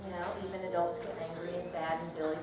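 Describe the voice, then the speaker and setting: A woman teacher talks to a group in a lively, chatty way and now and then reads a picture book aloud. She sits far from the mic in a large room with heavy echo. Steady noise runs underneath. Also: lowish voice, quick pace. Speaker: teacher leading a workshop. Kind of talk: classroom workshop talk.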